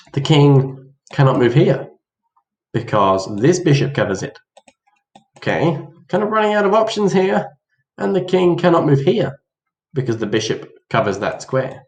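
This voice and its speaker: A man's voice: mid-range voice, a little mellow. Playful man teaching chess, echoey room. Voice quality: playful, mock-dramatic, acts out both players. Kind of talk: casual chess lesson. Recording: roomy echo.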